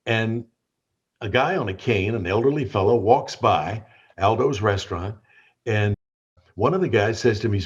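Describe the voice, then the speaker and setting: A man's voice: fairly low pitch, moderate pace, slightly rough, dull audio. An older man with a light Southern US accent, a veteran radio DJ telling stories as a guest, often restarting his sentences. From Tennessee. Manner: warm anecdotal storyteller with repeated restarts. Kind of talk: storytelling interview.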